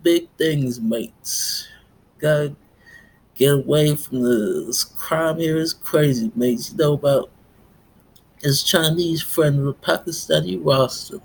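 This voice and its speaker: A man rambling in a monologue, tacking "mates" onto nearly every phrase in a halting, repetitive delivery. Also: on the high side, creaky, a little hiss or hum. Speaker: self-styled pastor vlogger.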